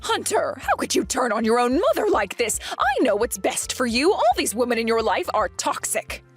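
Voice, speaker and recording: A woman voicing an indignant, accusing middle-aged mother-in-law in an animated story drama. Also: fairly high pitch, moderate pace, slightly rough, soft background music. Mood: pleading.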